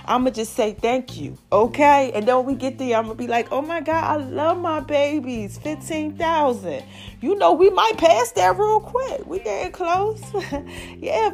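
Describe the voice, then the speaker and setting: A chatty woman with a high voice hosts a casual solo podcast. She's animated and calls her listeners "y'all" and "child."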